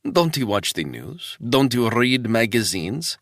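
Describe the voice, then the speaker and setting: A man voicing a confident female agent who speaks in a brisk, knowing, slightly teasing way. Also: medium pitch, big pitch swings, fairly bright tone, no room sound, studio quality, pitched above the performer's own voice.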